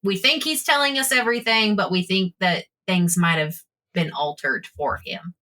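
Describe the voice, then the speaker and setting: A woman's voice: medium pitch, moderate pace. A woman playing in a tabletop game, talking through her character's plans with joking asides. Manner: animated, joking. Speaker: player.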